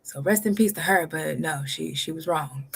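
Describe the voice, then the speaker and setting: A woman's voice: low voice, measured pace, gravelly, breathy edge. A woman hosting a reaction video, talking bluntly and emphatically. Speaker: reaction channel host. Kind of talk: casual commentary.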